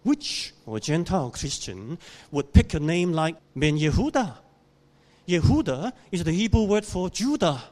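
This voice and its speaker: A man preaching a sermon in a church, telling a story in a slow, deliberate way and putting questions to the congregation. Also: a little high, sing-song, a little mellow. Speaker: pastor.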